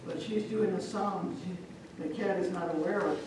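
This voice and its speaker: A middle-aged woman from Omaha telling a folk tale live to an audience, lively and chatty, with asides to the crowd. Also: lowish voice, normal speed, background noise. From Omaha, Nebraska. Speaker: storyteller. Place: large event hall. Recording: echoey hall from far off.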